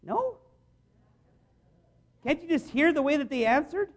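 High-voiced, earnest male preacher. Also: very animated, a little slow. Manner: earnest, conversational, many restarts. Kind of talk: sermon.

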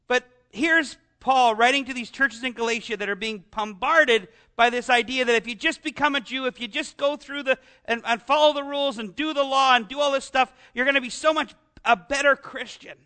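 Man, Canadian pastor, sermon, very bright tone, conversational. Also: extremely high pitch. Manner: conversational, self-deprecating preaching with asides.

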